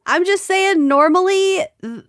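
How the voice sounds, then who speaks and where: A woman's voice: very high-pitched, expressive, a little slow, dry recording, studio quality. A woman in her thirties co-hosting a podcast, chatting casually with crude jokes and laughter. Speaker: podcast co-host. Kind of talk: casual chat and ad reads.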